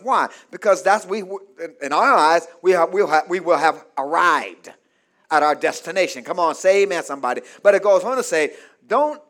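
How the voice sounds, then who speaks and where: A man with a very high voice preaches a sermon in call-and-response style. He keeps asking "what?" so the congregation fills in the word, and he moves between loud shouts and quiet murmurs. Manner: call-and-response, asks the congregation to fill in words.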